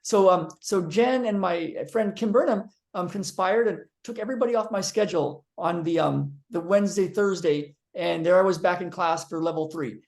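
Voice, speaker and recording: Animated male storyteller. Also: sits high, moderate pace, creaky, few pauses. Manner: animated storyteller, acting out quotes; frequent ums and restarts. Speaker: physical therapist. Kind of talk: storytelling monologue to viewers.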